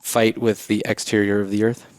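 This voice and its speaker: A man's voice: on the low side, level tone, moderate pace, no echo, clean studio sound. A man co-hosting a podcast, explaining things at length in casual, laid-back chat. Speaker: podcast co-host.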